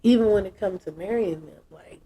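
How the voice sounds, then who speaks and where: A woman, telling a story in a casual interview, frank and animated, acting out what others said. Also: mid-range voice, brisk, breathy edge. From United States. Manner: animated, acts out quotes, frank and profane.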